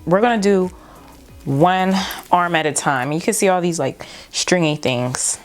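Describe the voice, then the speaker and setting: A woman's voice: lowish voice, unhurried, faint music behind. A young woman vlogging at home, nervous and exclaiming as she talks through the steps, often saying "y'all". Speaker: beauty vlogger. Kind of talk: casual vlog narration.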